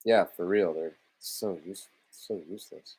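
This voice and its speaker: A man's voice: low voice, a little slow, a little mellow, breathy edge. A man with a Canadian accent giving exasperated, sarcastic live commentary over a film, swearing freely. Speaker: movie commentary live-streamer.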